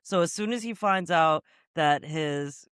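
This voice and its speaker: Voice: medium pitch, a little slow, a bit bright, clean tone, no echo, studio quality. A podcast co-host recapping a film plot in a casual, rambling way, full of likes and ums. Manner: rambling, hesitant plot recap with fillers and laughs. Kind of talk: casual comedic film review chat.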